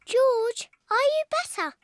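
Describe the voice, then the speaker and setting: A woman's voice: extremely high pitch, animated, slow, noisy background, exaggerated voice. Bossy little piglet girl. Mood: chatty. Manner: bright, bossy, chatty. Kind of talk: children's cartoon voice acting. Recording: cartoon soundtrack with music.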